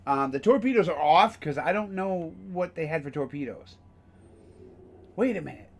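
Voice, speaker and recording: A man's voice: fairly high pitch, lively intonation, normal speed. A man casually streaming a game, rambling with frequent fillers and the odd curse. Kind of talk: casual gameplay commentary.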